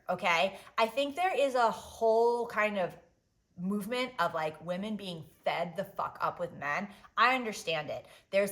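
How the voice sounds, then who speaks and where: A woman in her thirties hosting a solo podcast in casual chat, animated and blunt, swinging between loud outbursts and quiet asides, with lots of "like" and "um". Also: mid-range voice. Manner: swears freely, fillers like "like" and "um". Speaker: podcast host.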